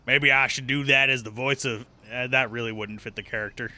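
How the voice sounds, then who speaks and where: Bright-voiced wry man streaming a game. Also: mid-range voice, steady tone, brisk, hardly any pauses. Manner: wry, sarcastic asides. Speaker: let's play streamer. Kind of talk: casual gameplay commentary.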